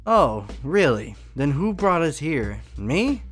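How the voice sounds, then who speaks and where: A man's voice: on the high side, sing-song, fast, soft background music, voice pushed up. A man doing Enrico, a proud war hero. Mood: surprised.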